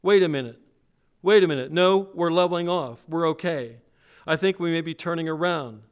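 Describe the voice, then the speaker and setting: A man's voice: on the high side, normal speed, clean tone, voice pushed up, lightly acted. A man preacher reading aloud the words of a frightened male airline passenger on an emergency call, in an urgent, pressed way. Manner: urgent, pressed, raised read-aloud delivery.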